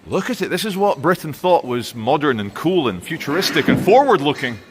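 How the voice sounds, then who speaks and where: A man's voice: fairly high pitch, sing-song, a little fast, background noise. A man giving blunt, sarcastic commentary in a vlog while walking outdoors through town streets. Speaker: vlogger.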